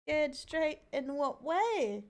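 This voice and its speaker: A woman's voice: high voice, very animated, slow, heavy background noise. An Australian woman, a VTuber, chatting casually through a reaction video with loose, giggly, swearing remarks.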